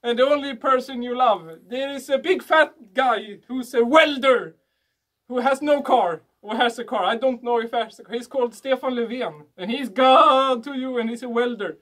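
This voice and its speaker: A podcast host with a Swedish accent, a native Swedish speaker, delivering a deadpan mock-instructional comic monologue in broken English. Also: medium pitch, moderate pace.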